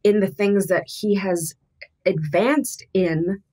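A woman's voice: mid-range voice, steady tone, dark tone, slightly rough. A middle-aged woman, a podcast guest, talking candidly and thoughtfully with frequent restarts. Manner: earnest, thoughtful, halting with restarts.

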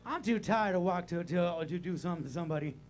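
An older male pastor delivering a sermon in a church sanctuary. His voice sits high for a man, and he swings between loud, animated bursts and quiet, low stretches. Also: fast talker.

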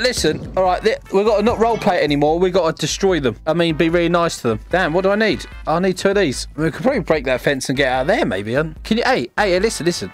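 A man narrates a VR game with cheeky, teasing commentary. His voice sits high and swings widely, full of bounce. Music plays clearly in the background. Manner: cheeky, teasing, laughs often. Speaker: gaming video host. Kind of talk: playful commentary while playing a VR game.

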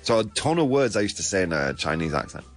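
Playful animated British man hosting a show. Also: deep voice, fast, soft background music. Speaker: show host. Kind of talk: live game show chat, reading viewer answers.

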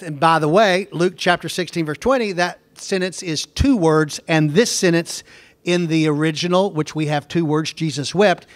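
A man's voice: sits high, fairly bright tone, dry recording. A man teaching a Bible lecture in an emphatic way, repeating points and asking his class pointed questions.

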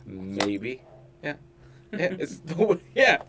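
A man's voice: on the high side, slow, a little hiss or hum. An American man co-hosting a reaction video, chatting casually and exclaiming a lot. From United States. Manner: excitable, exclaiming. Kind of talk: casual chat.

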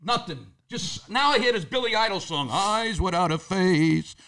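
A man in his sixties with a New York accent, telling comic stories in a loud, profane, ranting way. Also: high-pitched, expressive, moderate pace. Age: 60s. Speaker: comedian guest. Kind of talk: animated comic storytelling.

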